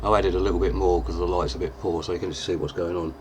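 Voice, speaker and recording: Guy with a really deep low voice, laid-back chatty makeup how-to, lots of ums, faint hiss behind. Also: quick pace. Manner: relaxed, chatty, with fillers. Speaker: lookalike performer giving a tutorial. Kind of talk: casual makeup tutorial.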